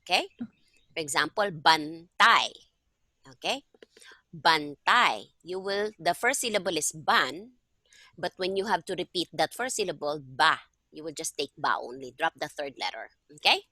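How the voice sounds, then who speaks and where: A woman's voice: deep voice, lively intonation, brisk, bright, forceful tone, dry recording. A woman teaching a one-on-one lesson over a video call, patiently explaining and often checking that her student understands. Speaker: language tutor. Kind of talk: one-on-one online tutoring.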